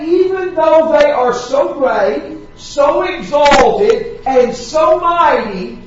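A man with a strikingly high voice preaches in a slow, measured sermon, leaning hard on repeated words. His voice rings through a big, echoing hall, picked up from a distance with a dull, muffled tone. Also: a little hiss or hum. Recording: echoey hall, distant mic, dull sound.

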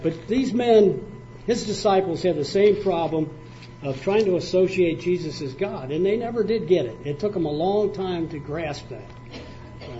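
A man's voice: fairly high pitch, dark tone. An older man preaching a folksy sermon, telling stories in a plainspoken, conversational way with spoken fillers. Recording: muffled lo-fi recording with faint hiss.

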